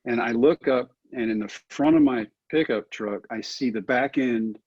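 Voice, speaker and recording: A man's voice: mid-range voice, normal speed, a little mellow, slightly rough, dry recording, highs cut off. A middle-aged man telling stories earnestly in a folksy, conversational way as an interview guest. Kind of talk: storytelling interview answer.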